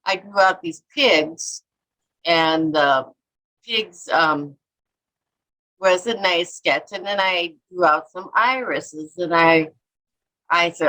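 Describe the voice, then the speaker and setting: A woman's voice: fairly low pitch, slow pace, pushed and bright, rough recording. A middle-aged woman from Minnesota, an artist and author telling rambling stories in a casual interview and acting out quotes. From Minnesota, USA. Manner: rambling, chatty, acts out quotes and self-talk.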